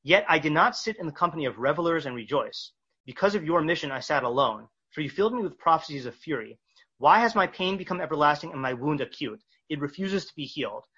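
A man leads a text study class in a bright, slightly husky voice. He reads verses slowly, then explains them with frequent fillers and restarts. The recording is dull and lo-fi. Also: a little high, lively intonation. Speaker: Torah teacher.

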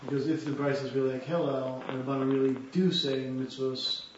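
Fast flat-voiced man far from the mic. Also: mid-range voice. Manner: quick, agreeing and reasoning through points. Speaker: study partner. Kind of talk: text study discussion. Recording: distant, very echoey, muffled, noisy.

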